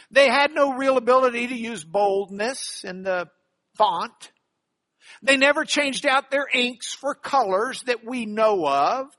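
A middle-aged man with a very high-pitched voice teaches a Bible class in a lively lecture style. He is animated and jokey, adding playful asides.

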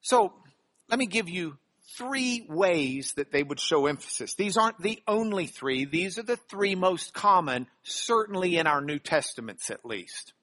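Bright-voiced, animated middle-aged male teacher. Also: sits high, unhurried. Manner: animated and jokey, with playful asides. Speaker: Bible class teacher. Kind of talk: lively classroom lecture.

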